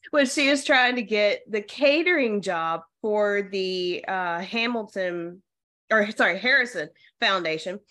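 A young woman co-hosting a podcast, chatting casually, hesitant with many pauses and laughs. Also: medium pitch, animated, bright, forceful tone. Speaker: podcast co-host. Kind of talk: casual chat.

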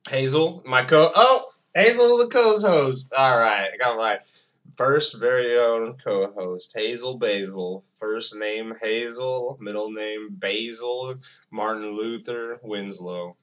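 Slow, rambling, swearing male podcast host. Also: mid-range voice, fairly bright tone. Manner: profane, rambling, self-mocking. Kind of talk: rambling casual monologue.

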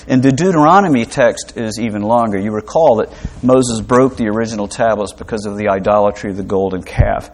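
A man's voice: on the low side, moderate pace, a little mellow. A man delivering a sermon as a preacher, teaching in a conversational way with asides, light humor and rhetorical questions. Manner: frequent fillers and restarts, rhetorical questions.

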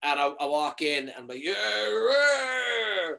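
A man casually telling a comic anecdote, animated, swearing freely and often checking in with "right?". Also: on the high side, brisk.

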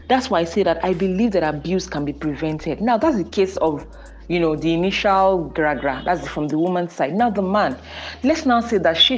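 Earnest Nigerian woman, lowish voice. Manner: earnest, preachy, animated with emphatic repetition. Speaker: podcast host. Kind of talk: casual monologue on faith and marriage.

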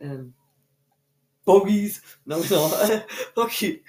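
A young woman co-hosting a podcast, all brash teasing and constant swearing in slangy street talk. Her voice swings up and down a lot, lively and animated. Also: mid-range voice, slow. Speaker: podcast co-host. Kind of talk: casual banter.

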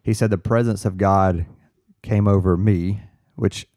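Guy on a podcast, kinda low voice, earnest, stops and restarts a lot, dry close sound. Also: fairly even intonation, dark tone, no room sound. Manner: earnest, halting with restarts, quotes others in dialogue. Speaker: firefighter guest. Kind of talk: casual storytelling chat.

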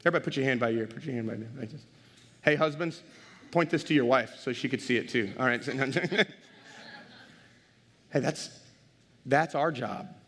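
A male pastor preaching a sermon to a congregation, animated and direct, calling out to the crowd. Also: medium pitch, moderate pace, long pauses, long reverb tail.

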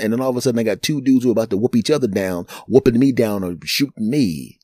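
A middle-aged man, a podcast host and comedian, telling a story in an animated, chatty way with chuckling asides. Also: mid-range voice, fast talker, no echo, clean studio sound. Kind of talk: storytelling monologue.

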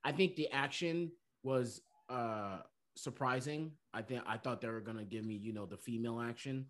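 A man's voice: mid-range voice, moderate pace. A man talking casually and emphatically about a movie, repeating his points with friends. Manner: animated, emphatic, repeats himself. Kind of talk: casual movie review chat.

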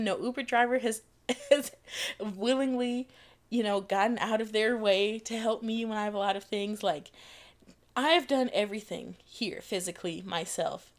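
Young woman, podcast host, casual monologue, profane, animated, frequent laughter, higher pitch. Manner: animated, profane, laughs often mid-sentence.

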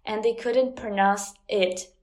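A woman with a Ukrainian accent speaks at an unhurried pace, pausing often with ums and uhs as she chats as an interview guest. Her voice sits at a middle pitch. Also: fairly even intonation. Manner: hesitant, many ums and uhs. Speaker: guest, language teacher. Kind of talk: casual interview chat.

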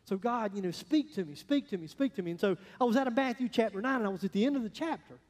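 A high-pitched man preaches to his congregation in a folksy, storytelling way. His voice rings through a big hall with a long reverb tail, swinging from loud bursts to hushed asides. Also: expressive, fast talker. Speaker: pastor. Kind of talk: sermon.

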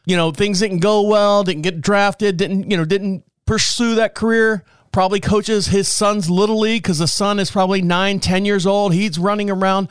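A man's voice: high-pitched, fairly even intonation, moderate pace, hardly any pauses, smooth, dry recording, studio quality. A man hosting a podcast, telling a comic story in a rambling, wry way with chuckling asides. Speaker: podcast host. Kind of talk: casual comic storytelling monologue.

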